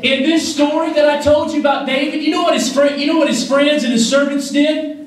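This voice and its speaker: A man preaching an energetic youth sermon, joking and leading call-and-response with a crowd in a large hall. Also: very high voice, brisk. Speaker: youth pastor. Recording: echoey hall from far off.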